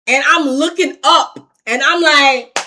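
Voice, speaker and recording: Animated bright-voiced woman telling a story. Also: high voice, takes it slowly, slight background noise. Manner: animated, acts out quotes, swears freely. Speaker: storytime vlogger. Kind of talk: casual storytelling.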